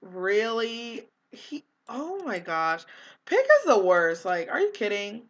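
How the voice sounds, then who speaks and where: A woman's voice: mid-range voice, sing-song, takes it slowly, muffled recording. A young woman casually commenting on her life-sim game, chatty and easily exasperated, with lots of fillers. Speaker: gaming vlogger.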